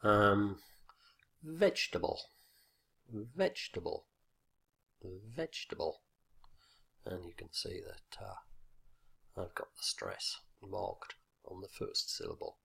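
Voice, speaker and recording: Slow, gravelly-voiced male teacher trainer. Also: deep voice, level tone, pushed and bright. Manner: slow, deliberate explanation with fillers and exaggerated example words. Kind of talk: instructional video lesson.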